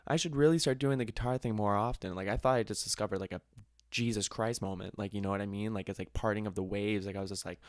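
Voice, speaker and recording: A young man hosting a podcast, telling a funny story in casual chat, animated, laughing often and swearing casually. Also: lowish voice, fast, no room sound, studio quality. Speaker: podcast host.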